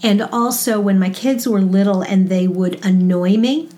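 A woman's voice: mid-range voice, unhurried, warm tone. A woman from New York with a Brooklyn accent, a marketing guest telling stories in upbeat, chatty interview talk. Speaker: podcast guest, marketing educator. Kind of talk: casual interview chat.

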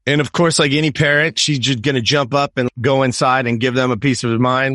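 A man's voice: mid-range voice, steady tone, fairly quick, fairly bright tone, dry recording, studio quality. A man in his fifties from California, telling a personal story as a podcast guest in an emphatic, profane way and often checking in with "right?". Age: 50s.

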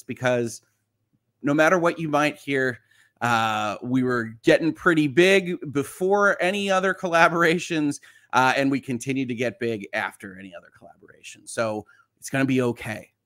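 A man's voice: mid-range voice, normal speed. A man hosting a livestream, reading viewer comments aloud with a reassuring, joking manner. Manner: reassuring, joking, lively swings in loudness. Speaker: livestream host.

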